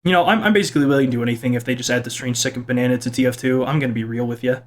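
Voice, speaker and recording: A young man casually reading out and joking about viewer comments in his video, with a playful, self-mocking manner. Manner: playful, self-mocking, quick swings in pitch. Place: home kitchen.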